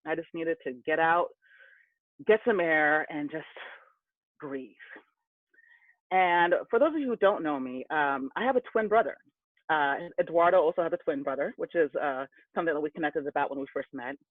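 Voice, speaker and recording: A man tells a candid personal story, his voice sitting a little high and heating up as he recalls his anger. The sound is dry and close, squeezed through a narrow, phone-like band. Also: moderate pace, dry recording. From California. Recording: tinny phone-like line.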